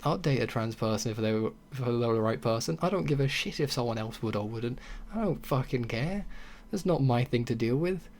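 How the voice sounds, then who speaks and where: A man's voice: medium pitch, animated, a little fast, a little mellow, slight background noise. A young man hosting a casual solo podcast, talking bluntly with swearing and sarcastic mocking asides. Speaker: podcast host.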